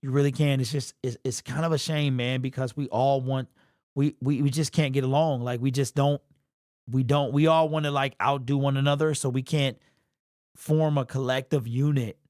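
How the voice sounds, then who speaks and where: In a clean, dry studio recording, a young livestream host talks at normal speed in a medium-pitched, darkish, steady voice. He rambles casually and slangily, repeats and restarts, and sounds emotional and sniffly.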